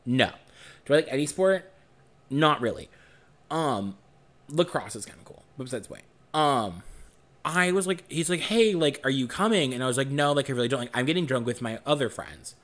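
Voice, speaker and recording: A man's voice: medium pitch, expressive, brisk, a bit bright. A young man co-hosting a podcast, telling a story casually, swearing often and acting out the lines he quotes. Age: young adult. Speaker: podcast co-host.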